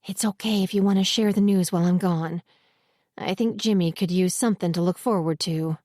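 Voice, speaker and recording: A woman voicing a caring werewolf mother who speaks softly and gently. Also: lowish voice, fairly quick, dry recording, clean studio sound, close to an everyday voice. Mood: soft whisper. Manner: soft, gentle.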